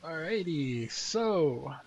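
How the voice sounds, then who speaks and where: A man's voice: a little high, very animated, extremely slow, highs cut off, a little hiss or hum. A man hosting a casual live gaming podcast, rambling in a laid-back way with small chuckles. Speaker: podcast host.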